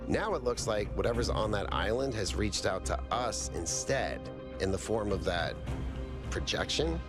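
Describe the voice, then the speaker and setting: An actor playing a robot scout who gives a matter-of-fact briefing in a video game. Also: male voice, fairly low pitch, animated, normal speed, music in the background, close to an everyday voice. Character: earnest male robot scout giving a briefing.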